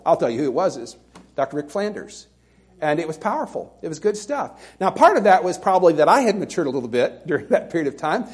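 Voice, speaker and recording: Higher-pitched man preaching a sermon. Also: a little mellow. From Alabama, US. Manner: conversational, self-deprecating, with laughing asides. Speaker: pastor.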